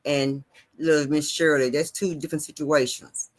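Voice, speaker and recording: A man's voice: on the high side, flat delivery, moderate pace. A man hosting a casual chat, emphatic and repeating himself for effect. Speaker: host.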